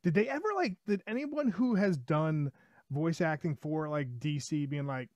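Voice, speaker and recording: A man co-hosting a podcast interview, gushing like an excited fan and rambling through his stories. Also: on the high side, moderate pace, dry recording, dull audio. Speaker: podcast co-host.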